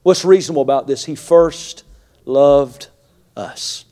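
A man with a high, light voice preaching a sermon to a congregation. He talks plainly and confidingly at times, then builds into loud, rising preaching that hammers each phrase. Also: measured pace. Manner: swings from quiet asides to shouted preaching. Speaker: pastor.

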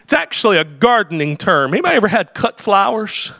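A man preaching a fervent sermon who often shouts and opens phrases with "oh.". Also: sits high, very animated, brisk, vocal fry, dry recording. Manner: impassioned, often shouting, frequent "oh" interjections.

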